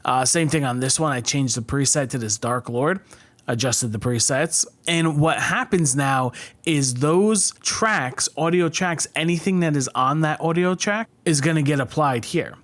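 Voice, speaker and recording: A man hosting a software tutorial, calmly walking through editing steps with occasional fillers. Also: a little high, unhurried. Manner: relaxed step-by-step explaining, with fillers. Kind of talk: screen-recorded editing tutorial.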